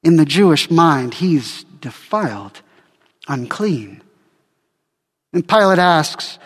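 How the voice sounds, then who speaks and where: A man's voice: fairly high pitch, very animated, slow pace, long pauses, breathy edge, big-room sound. A male pastor preaching a sermon dramatically, acting out the quoted speakers.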